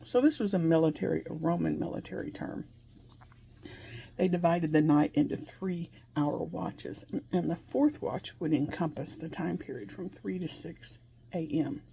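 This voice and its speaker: A woman's voice: sits low, normal speed, gravelly, dark tone, slight background noise. A woman giving an earnest, conversational Bible lesson, asking her listeners questions and laughing between points. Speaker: Bible teacher.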